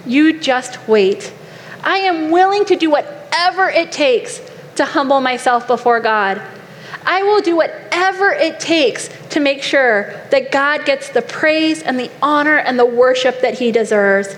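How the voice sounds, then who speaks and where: A woman's voice: sits high, animated, a little slow. A woman preacher voicing a devout king who answers his wife firmly and pointedly. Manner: pointed, firm. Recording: long hall reverb, faint noise.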